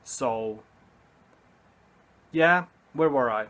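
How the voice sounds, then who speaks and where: Man, very slow, mid-pitched, earnest, halting, repeats phrases. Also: a bit bright. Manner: earnest, halting, repeats himself and says "you know" often. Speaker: vlogger. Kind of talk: motivational vlog talk to camera.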